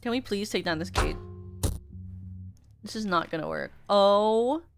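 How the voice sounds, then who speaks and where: A woman's voice: mid-range voice, measured pace. Young woman game streamer: casual, sniffly, self-deprecating, shrieks when startled, game music underneath. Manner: chatty and self-mocking, bursts into excited shrieks. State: sniffly nose. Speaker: VTuber streamer.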